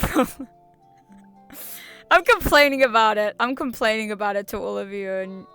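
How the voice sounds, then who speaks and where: A woman's voice: fairly high pitch, normal speed, sharp tone, clean tone, soft background music. A young woman streamer chatting casually to her viewers, rambling with restarts, slang and laughter. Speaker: VTuber streamer.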